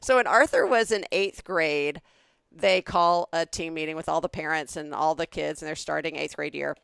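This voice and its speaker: Animated Southern woman telling stories. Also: low voice, moderate pace, vocal fry, clear, resonant tone, dry recording. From Southern United States. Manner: animated, acts out other people's voices in her stories. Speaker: podcast co-host. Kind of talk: casual comedic storytelling.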